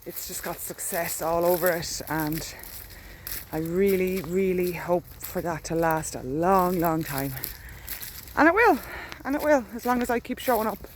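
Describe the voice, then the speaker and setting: A woman's voice: fairly low pitch, moderate pace, slight background noise. An Irish woman rambling candidly in a casual diary vlog while walking outdoors, recorded on a phone. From Ireland. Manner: chatty, candid, walks while talking. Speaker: dog walker vlogging. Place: outdoors in a rural field.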